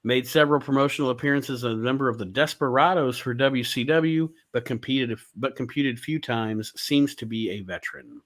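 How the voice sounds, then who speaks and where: A man's voice: medium pitch, moderate pace, few pauses, fairly bright tone. A man hosting a casual podcast, reading wrestler stats aloud and riffing on them with frequent laughs. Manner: laughs often, reads stats then riffs. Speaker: podcast host.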